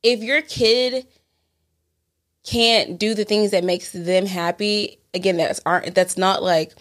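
A woman's voice: medium pitch, steady tone, takes it slowly. A young woman in casual chat, talking loosely with many fillers and frequent swearing. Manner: swears freely, lots of "like" fillers.

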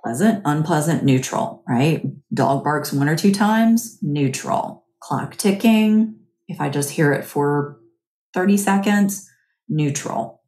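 Woman, low voice, slow unhurried pace, gentle chatty guidance, roomy echo. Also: animated. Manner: gentle, chatty, often asks "right?". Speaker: podcast host. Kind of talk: guided mindfulness talk.

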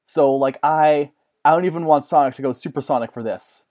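A man in casual chat, excitable and rambling, often laughing. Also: a little high, brisk.

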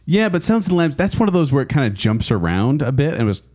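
A man co-hosting a casual chat, animated and joking, laughing often. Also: on the high side, quick pace. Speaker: podcast co-host.

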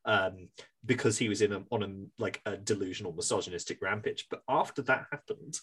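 A man hosting a casual podcast chat, telling a story in an animated way, laughing and swearing as he goes. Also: on the low side, fairly quick, breathy edge. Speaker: podcast host.

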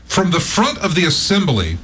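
Man, co-host, casual trivia talk, lively up-and-down pitch, faint background hiss. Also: normal speed. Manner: shares trivia facts, laughs often. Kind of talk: casual radio chat.

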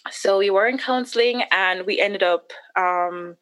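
A woman candidly recounting a painful personal story as a guest, with emotional retellings and quick asides. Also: medium pitch, fairly bright tone, smooth. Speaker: podcast guest.

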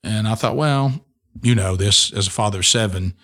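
A middle-aged man with a fairly low voice tells a personal testimony on a podcast. He speaks earnestly and often restarts his sentences as he goes. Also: normal speed, fairly bright tone. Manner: earnest storytelling with many restarts. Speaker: radio host and speaker.

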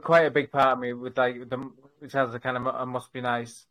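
A man's voice: medium pitch, flat delivery, a little fast, a bit bright. A male stream host with a mid-range voice chats casually. He is blunt and jokey, and he swears freely. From outside the United States. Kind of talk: casual chat.

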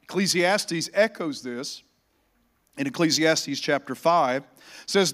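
Pastor preaching a sermon. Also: male voice, on the high side, takes it slowly. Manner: preaching, swells loud on scripture, calls congregation to repeat. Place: church.

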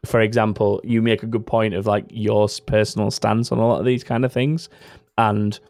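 A man's voice: on the low side, flat delivery, normal speed, darkish tone, no room sound. A man hosting a casual podcast, rambling and correcting himself as he goes, laughing often. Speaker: podcast host. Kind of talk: casual chat.

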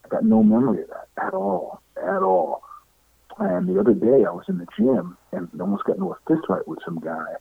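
Gravelly middle-aged man on a tinny line. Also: sits high, brisk, dry recording. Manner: animated, acts out other people's lines, laughs often. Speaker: interview guest. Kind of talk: casual storytelling. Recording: tinny phone-like line, dry.

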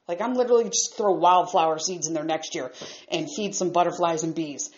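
A woman's voice: lowish voice, a little fast, a little mellow, muffled recording. A woman ranting at home in an exasperated, profane, emphatic way. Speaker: vlogger. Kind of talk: angry ranting monologue. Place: upstairs room at home.

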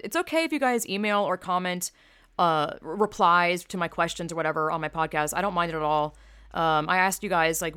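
Young woman, podcast host, casual solo chat, rambling and blunt, frequent swearing, slightly low voice. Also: a bit bright. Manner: rambling, profane, blunt, with many fillers.

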